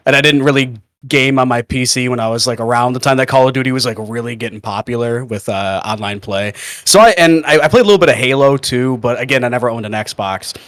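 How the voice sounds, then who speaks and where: A man's voice: mid-range voice, fairly bright tone. A man chatting casually on a podcast, joking loosely and swearing. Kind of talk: casual chat.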